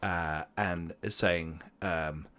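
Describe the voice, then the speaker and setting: A man's voice: deep voice, fairly even intonation, very slow, fairly bright tone, clear, resonant tone. A man narrating a tabletop game as game master, rambling with many fillers.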